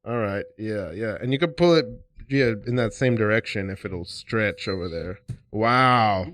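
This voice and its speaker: A man's voice: lowish voice, measured pace, a bit bright, no room sound. A man hosting a casual podcast in a radio studio, cracking jokes and playing with wordplay. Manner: wisecracking, goofy wordplay. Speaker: podcast host.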